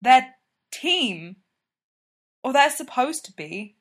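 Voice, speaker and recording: Heated and earnest, this young male hockey player voiced by a woman reading aloud pushes his words out with rising force, a little higher and louder than the narration around him. He sounds upset and insistent, pressing each point home. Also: very animated, slow pace, exaggerated voice. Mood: agitated. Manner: emphatic, agitated protests.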